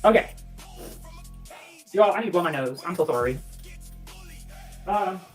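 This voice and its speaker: A woman's voice: lowish voice, animated, unhurried. Out-of-breath woman livestreamer, blunt and profane, faint music underneath. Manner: blunt and profane, reading and answering viewer comments. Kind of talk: casual livestream chat.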